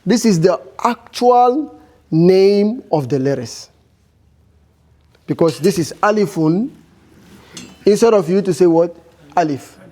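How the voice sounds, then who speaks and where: Man, high voice, slow deliberate teaching, repeats and quizzes students. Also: animated, dark tone. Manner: slow, repetitive, questioning students. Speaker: Arabic teacher. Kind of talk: classroom teaching.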